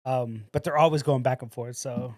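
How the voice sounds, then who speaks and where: A podcast co-host with a medium-pitched, slightly mellow voice tells a story in studio-quality audio with no echo, speaking at normal speed with fairly even intonation. He is casual and animated, acting out the quotes and saying "bro."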